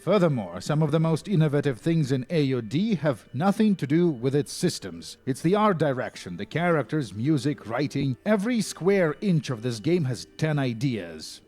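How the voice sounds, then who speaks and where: A man's voice: on the high side, big pitch swings, normal speed, hardly any pauses, darkish tone. A man narrating a scripted video essay with wry, dry humor.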